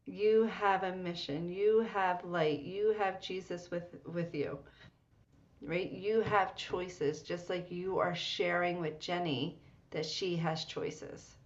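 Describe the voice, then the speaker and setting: A woman's voice: fairly low pitch, fairly even intonation, slow. A woman coaching a client, encouraging and checking in with frequent "right?" questions. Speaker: life coach. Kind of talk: coaching session. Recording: dull lo-fi recording.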